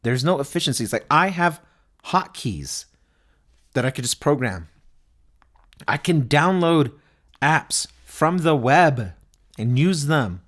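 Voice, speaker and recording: A man's voice: fairly high pitch, expressive, slow, long pauses, fairly bright tone. A man hosting his own podcast, ranting casually and with exasperation, thinking aloud with many restarts. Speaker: podcast host. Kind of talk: casual solo podcast rant. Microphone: podcast mic recorded into streaming software.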